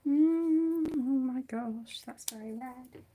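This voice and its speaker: A woman's voice: high-pitched, slow, dark tone. A woman hosting a chatty craft livestream from home, a little flustered, talking to herself as she works and greeting viewers fondly as sweetheart. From United Kingdom. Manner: flustered, talks to herself while working, calls viewers sweetheart. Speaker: livestream host.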